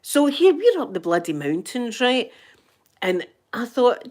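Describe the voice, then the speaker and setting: A woman's voice: a little high, big pitch swings, unhurried, darkish tone. A middle-aged Scottish woman telling rambling, dramatic anecdotes in casual chat as a channel host. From Scotland.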